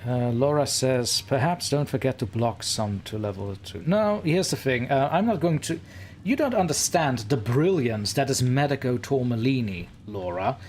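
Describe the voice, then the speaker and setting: A male game streamer talking through a live let's-play in a playful, theatrical way. His pitch swings widely as he addresses viewers and characters on screen, with a faint hiss of noise behind him. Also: lively intonation, moderate pace, a little mellow.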